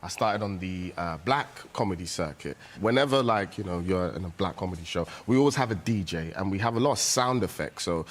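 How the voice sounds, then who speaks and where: A man's voice: low voice, expressive, a little fast, hardly any pauses. A male comedian on a panel show, telling a story in loose, teasing banter. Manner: hyped, loud, teasing. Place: TV studio with live audience.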